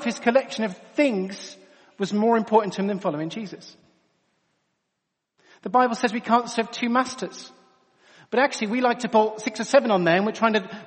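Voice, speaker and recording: A man delivers a sermon in an earnest, chatty way, his voice sitting notably high. He talks through a headset mic, and the sound rings out with a long hall reverb. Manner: earnest, conversational, addresses crowd as guys. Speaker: preacher.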